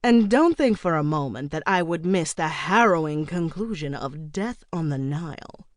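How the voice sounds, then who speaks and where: A woman playing a flamboyant widow in her seventies, theatrical and drawn-out, low-pitched and unhurried, dry close sound, audiobook character. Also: lively intonation, no echo. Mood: dramatic.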